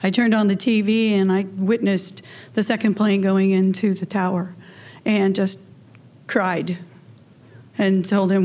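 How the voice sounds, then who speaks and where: A woman in a middle pitch hosts a memorial ceremony. She tells a personal story earnestly and from the heart. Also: a little mellow.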